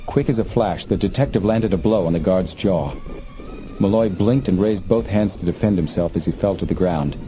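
Male audiobook narrator, measured, low pitch, muffled recording. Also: noisy background. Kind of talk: scripted narration.

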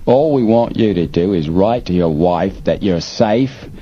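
A man voicing a sour, menacing male smuggler chief in an audiobook, speaking slowly and threateningly. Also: low voice, lively intonation, warm tone. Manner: slow, sour, menacing delivery. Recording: dull lo-fi recording, faint hiss.

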